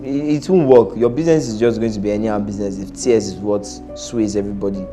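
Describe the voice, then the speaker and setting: A man's voice: fairly low pitch, fairly even intonation, fast, dark tone, soft background music. A man giving casual, blunt reaction-video commentary as an employer, laughing often and repeating himself.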